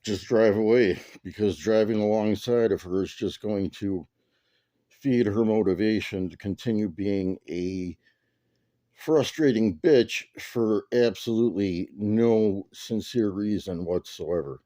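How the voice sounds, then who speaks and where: Low, dark-voiced sardonic man. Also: measured pace, dry recording, clean studio sound. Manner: blunt, sardonic. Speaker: podcast host. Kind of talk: reacting to clips, casual chat.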